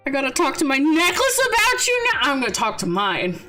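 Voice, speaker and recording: High-voiced playful woman streamer. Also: wildly swooping pitch, fairly quick, hardly any pauses, sharp tone, soft background music. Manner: playful, exasperated, laughs often. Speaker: VTuber streamer. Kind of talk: casual gaming livestream chat.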